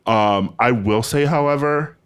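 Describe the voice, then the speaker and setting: A man's voice: mid-range voice, unhurried, smooth. A man who is a podcast guest, chatting casually and gossiping with lots of fillers. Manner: animated, gossipy, lots of likes and ums. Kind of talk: casual chat.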